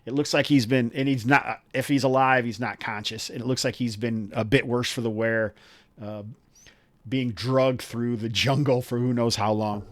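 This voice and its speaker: A man's voice: mid-range voice, steady tone, normal speed, no room sound. A man narrating as game master of a tabletop game, rambling with many restarts.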